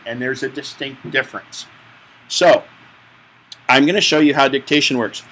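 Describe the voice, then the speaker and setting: A man's voice: a little high, fairly bright tone, low-quality recording. A man teaching a live tech class, explaining step by step in a chatty, joking way. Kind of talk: hands-on tech class instruction.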